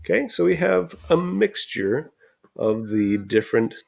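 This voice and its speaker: Male teacher for a grammar lesson video; slow, patient, pausing often, with a gravelly edge. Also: on the high side, sing-song, a little mellow. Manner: slow, patient explaining with frequent pauses.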